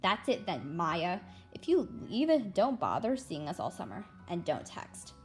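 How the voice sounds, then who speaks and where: A woman's voice: on the low side, big pitch swings, measured pace, faint music behind. Woman doing a mean bossy teen girl, short and cold, lots of ups and downs in the voice. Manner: curt and dismissive.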